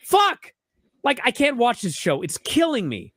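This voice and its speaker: A man's voice: very high voice, big pitch swings, moderate pace, a bit bright, husky, dry recording, studio quality. A man co-hosting a wrestling podcast, ranting with exasperation and frequent profanity. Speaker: podcast co-host. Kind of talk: heated wrestling commentary rant.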